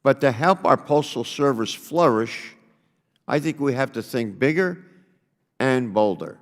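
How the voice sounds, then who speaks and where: A congressman from New Jersey giving a prepared statement at a hearing in a measured, deliberate way. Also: medium pitch, lively intonation. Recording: long reverb of a hearing room.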